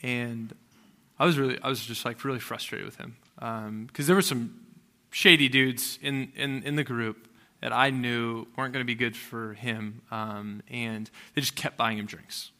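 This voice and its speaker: A man's voice: medium pitch, fairly even intonation, normal speed, sharp tone. A man in his thirties, a pastor preaching a sermon in a conversational, storytelling way that rises to emphatic peaks.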